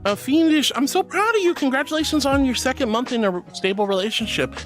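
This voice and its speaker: A man with a high voice, streaming live and reading his chat aloud in a doting, affectionate way. He calls viewers honey and darling and breaks into excited squeals. Soft music plays faintly underneath. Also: fast talker.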